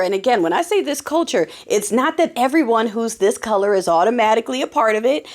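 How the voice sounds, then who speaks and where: Give me a woman hosting a podcast, chatting in a sarcastic, animated way. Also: a little high. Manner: sarcastic and animated, quick asides. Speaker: political commentary podcast host. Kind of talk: casual monologue.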